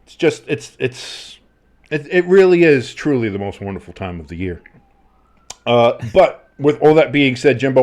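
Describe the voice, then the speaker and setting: A man co-hosting a casual sports podcast, rambling and excitable, swearing freely. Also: mid-range voice, normal speed. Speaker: podcast co-host.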